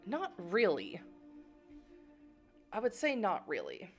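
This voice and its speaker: Low-voiced chatty woman streamer. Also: wildly swooping pitch, measured pace, creaky, pauses often, soft background music. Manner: chatty, playful, laughs often, many fillers. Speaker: game streamer. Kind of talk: casual streaming chat and reading game text aloud.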